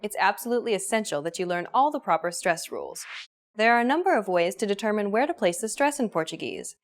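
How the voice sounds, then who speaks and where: A woman hosting a language course, reading a scripted lesson in a clear, even teaching manner. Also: medium pitch, fast talker.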